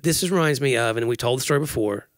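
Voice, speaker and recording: A man co-hosting a casual podcast, telling embarrassing stories about himself between bursts of laughter. His voice is even in pitch and recorded dry and close on the mic, with no room sound. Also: fast, no echo. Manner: storytelling, self-deprecating, laughs often. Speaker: podcast co-host. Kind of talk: casual chat.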